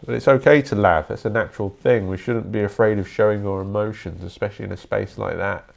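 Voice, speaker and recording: A man's voice: fairly low pitch, fairly even intonation, quick pace, creaky. A young man hosting a podcast, rambling bluntly in a casual solo monologue and swearing often. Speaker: podcast host.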